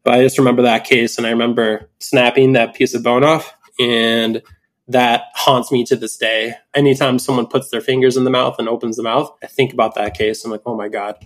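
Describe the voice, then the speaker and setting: A man casually telling a story about a surgical mistake, animated and quoting his own reactions. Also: medium pitch, a little fast. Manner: animated storytelling with quoted inner voice, swearing. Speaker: implant dentist telling a case story. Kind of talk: casual podcast chat.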